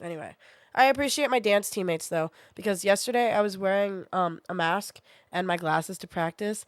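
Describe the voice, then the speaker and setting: A young woman streamer speaks at medium pitch with no room sound. Nursing a sore throat, she chats casually and vents bluntly, with frequent swearing.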